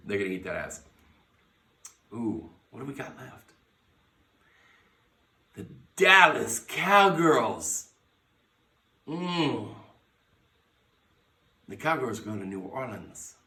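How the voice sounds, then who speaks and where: A man's voice: mid-range voice, fairly bright tone. A man hosting a podcast, giving brash, profane sports picks in casual talk and hyping his teams. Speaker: podcast host. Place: bar lounge. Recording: echoey room, mic at a distance.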